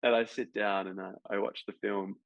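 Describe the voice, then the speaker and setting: A man's voice: flat delivery, normal speed, no room sound. A man, an actor telling a long, rambling anecdote full of fillers in a casual interview. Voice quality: gravelly low voice. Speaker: actor guest. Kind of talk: casual storytelling in a podcast chat. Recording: dull, dry lo-fi sound.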